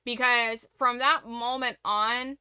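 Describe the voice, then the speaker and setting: A woman's voice: fairly high pitch, steady tone, slow, bright, forceful tone, clear, resonant tone, dry recording. A young woman streamer in a casual late-night chat, speaking candidly and reflectively about her struggles, rambling with restarts.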